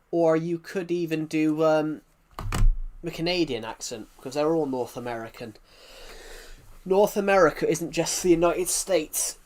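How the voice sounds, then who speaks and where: A man with a thick regional accent, chatting on a live game stream in a rambling, halting way with many restarts. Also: on the high side. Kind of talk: live-stream chat while gaming.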